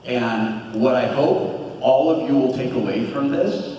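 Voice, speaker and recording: Recorded from a distance in a big, echoey convention hall, this forties-aged male panel guest speaks candidly about his depression in an earnest, open, animated way. His pitch is medium and his pace measured, with slight background noise.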